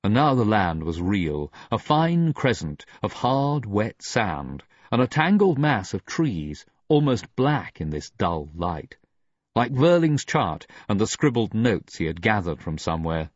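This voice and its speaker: A man narrating an audiobook in a dramatic, expressive reading. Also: fairly low pitch, a little slow, no echo, muffled recording. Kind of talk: scripted narration.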